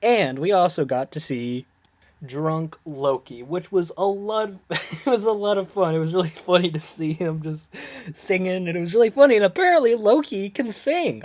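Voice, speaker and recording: A person casually recapping a TV episode, rambling, laughing often, losing track of words and getting excited when puzzled. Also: mid-range voice, moderate pace. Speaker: video creator reviewing a TV episode. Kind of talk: casual chatty episode breakdown.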